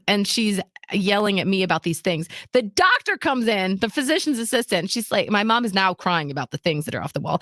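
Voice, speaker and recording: A woman co-host in casual, candid talk-show chat, lively as she acts out everyone in her story and swears freely. Her voice sits at a middle pitch. The sound is dry and close, with no room around it. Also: brisk, dry recording.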